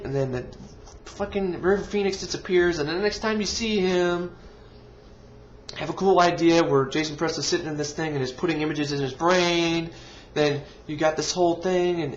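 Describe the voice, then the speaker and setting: A man's voice: high-pitched, a little hiss or hum. A man reviewing a movie in an exasperated, profane rant full of sarcasm. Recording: dull lo-fi recording.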